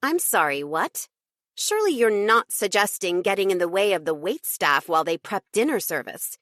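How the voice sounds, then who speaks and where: A woman's voice: mid-range voice, big pitch swings, normal speed, fairly bright tone, no echo, clean studio sound. A woman voicing an arch, exasperated young assistant. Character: sardonic young woman personal assistant, polished.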